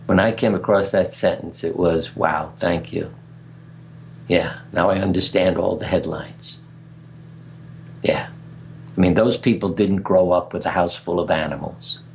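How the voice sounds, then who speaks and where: Gravelly and low, with fairly even intonation, this older man speaks a little slowly and leaves long pauses, amid slight background noise. As a guest in a radio interview, he tells earnest anecdotes conversationally, chuckling at his own stories.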